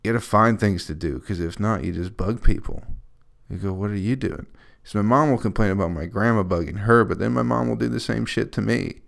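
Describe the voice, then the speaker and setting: Gravelly-voiced young man, rambling. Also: lowish voice, a little fast. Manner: profane, scattered, wry. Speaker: comedian podcaster. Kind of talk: casual rambling monologue.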